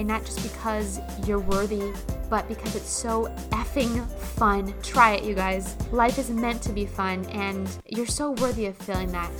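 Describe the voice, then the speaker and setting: A woman hosting a motivational podcast, talking in a gushing, emphatic way and swearing casually. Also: mid-range voice. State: emotional, tearing up. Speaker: podcast host.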